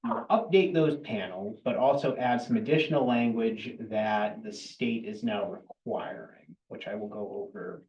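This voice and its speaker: A man's voice: lowish voice, unhurried, darkish tone, lo-fi sound. A man presenting regulation changes at a town board meeting, speaking plainly and matter-of-factly with the odd dry aside. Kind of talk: explaining regulations at a public meeting. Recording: roomy, distant public-meeting recording.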